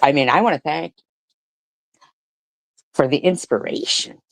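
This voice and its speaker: Deep-voiced and gravelly, a female commentary streamer rants about comments she reads aloud, hurling profane mockery and sarcastic rhetorical questions at her critics. She sounds animated but keeps a measured pace on a dry recording.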